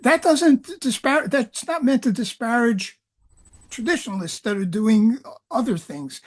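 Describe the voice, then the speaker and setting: A woman lecturer in an academic discussion, talking in halting phrases with many restarts. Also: a little high.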